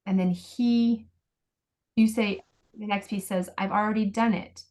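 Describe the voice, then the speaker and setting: A woman's voice: medium pitch, unhurried. A woman parenting coach on a video call, patiently explaining step by step and acting out sample phrases.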